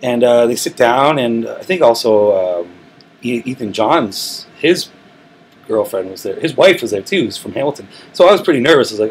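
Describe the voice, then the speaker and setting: A man talks easily about his music, voice at a middle pitch, restarting his sentences as he goes. There is a faint hiss of room noise behind him. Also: normal speed, rough recording. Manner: relaxed, rambling storytelling with frequent restarts. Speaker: musician, interview guest. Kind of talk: casual interview talk. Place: recording studio.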